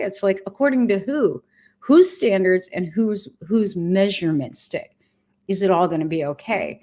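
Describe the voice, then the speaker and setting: A woman's voice: mid-range voice, lively intonation, moderate pace, darkish tone. A woman in her fifties talking candidly to her viewers on a livestream, earnest, blunt and heartfelt. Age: 50s. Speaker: vlogger sharing her cancer treatment.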